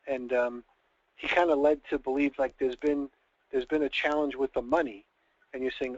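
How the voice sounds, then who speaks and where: A man's voice: medium pitch, steady tone, normal speed, no room sound. A man running a conversational sales training call, talking casually and acting out little scenarios with drama. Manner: chatty, acts out scenarios dramatically. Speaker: network marketing trainer. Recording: dull dry lo-fi call audio.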